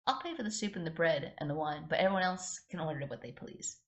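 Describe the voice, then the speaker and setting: A woman's voice: sits low, lively intonation, fast. A woman reading the lines of an intense, proud young woman in an earnest, clipped voice.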